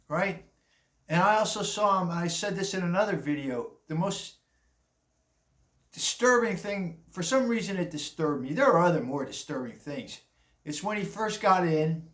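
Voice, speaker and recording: Older man, rambling news commentary, blunt, chuckles, slightly high voice, echoey room. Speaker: commentary vlogger. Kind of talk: casual opinion monologue.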